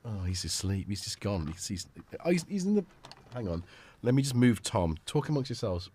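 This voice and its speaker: A man's voice: lowish voice, sing-song, normal speed, darkish tone, slight background noise. A man hosting a casual livestream from his home studio, rambling and chatty with many restarts. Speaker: livestream host.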